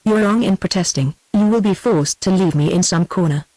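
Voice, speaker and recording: A synthetic woman's voice with a British accent reading the lines of a distraught young peasant girl in an even, plain manner. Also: on the low side, brisk, no room sound, natural voice, rough recording.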